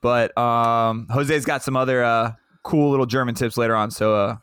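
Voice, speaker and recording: A man's voice: medium pitch, fairly even intonation, moderate pace, fairly bright tone, clean tone, no echo, clean studio sound. A man hosting a casual podcast, rambling through intros with many "uh"s and swearing with friends. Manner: loose, rambling, lots of fillers and swearing. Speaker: podcast host.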